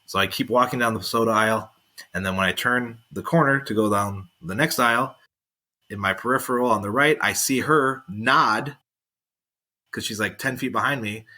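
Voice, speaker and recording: A man co-hosting a podcast, telling a casual story in a deadpan way and acting out other people's lines. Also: mid-range voice, moderate pace. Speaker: podcast co-host.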